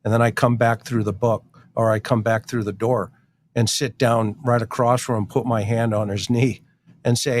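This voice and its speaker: A man's voice: mid-range voice, flat delivery, moderate pace, a little hiss or hum. Blunt man telling detective stories. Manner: blunt, wry storyteller, acts out quotes. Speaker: retired detective guest. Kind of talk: storytelling in casual chat.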